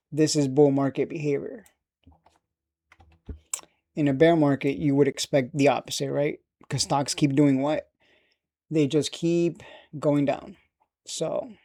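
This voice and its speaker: Male trading educator, casual lesson delivery, gravelly and slightly high. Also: mellow, dry recording, studio quality. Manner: conversational, keeps asking "right?".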